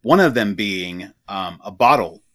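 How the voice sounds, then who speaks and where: Male podcast co-host, low voice, dry close recording, halting summarizer. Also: lively intonation, a bit bright, no echo. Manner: halting, with frequent "uh" and "um". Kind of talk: casual chat summarizing game material.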